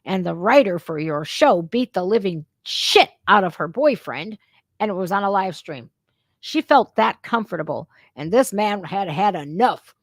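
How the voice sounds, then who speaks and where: Brash, profane woman reaction host, middle-aged, mid-pitched, dry close mic. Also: expressive, normal speed, no echo. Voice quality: brash, blunt, swearing freely. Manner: sarcastic, mocking mimicry of opponents. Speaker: political reaction streamer. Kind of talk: casual profane reaction commentary.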